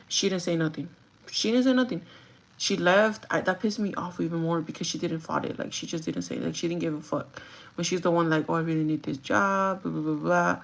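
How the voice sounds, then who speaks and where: Gravelly-voiced woman telling a work story. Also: lowish voice, fairly quick. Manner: animated storytelling, acts out quotes, swears freely. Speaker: vlogger. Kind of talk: casual storytime chat.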